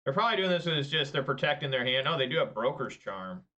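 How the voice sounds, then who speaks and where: A man talks fast in a medium pitch as he casually narrates his own card game matches, muttering through the quiet turns and getting loud and excited at the big plays. The audio has its highs cut off.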